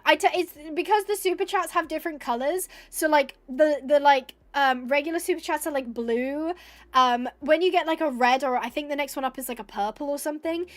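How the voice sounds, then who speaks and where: A woman's voice: sits high, no echo. A young woman streaming a building game, thinking aloud in casual chat and gushing with thanks, teary and a bit snotty. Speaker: Minecraft streamer. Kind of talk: casual live-stream chat while gaming.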